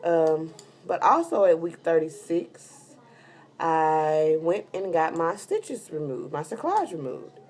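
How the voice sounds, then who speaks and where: Chatty pregnant woman, low voice. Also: a little mellow. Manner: chatty, rambling with many fillers. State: heavily pregnant and tired. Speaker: vlogger giving a pregnancy update. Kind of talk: casual storytelling vlog.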